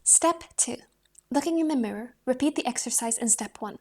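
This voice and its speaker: A woman reading a voice-training book aloud in a calm, measured way, with the occasional restart. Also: a little high.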